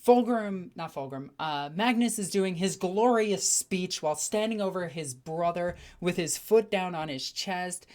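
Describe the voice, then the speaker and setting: A woman with a slightly low voice chats on a home livestream, talking to her viewers. She tells stories with excitable, animated energy and sometimes acts out the people in them. Her delivery is loose and conversational, with quick bursts of speech. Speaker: streamer. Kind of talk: casual livestream chat.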